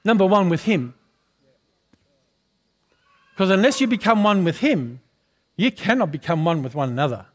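A male pastor preaching a sermon who keeps putting questions to the congregation and asking for an amen, clearing his throat now and then. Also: high voice, lively intonation, moderate pace, pauses often. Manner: calls for responses from the congregation, often asks questions.

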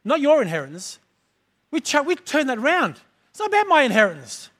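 A man preaching a sermon in church, emphatic, building to loud peaks on key words. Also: very high voice, huge pitch swings, brisk.

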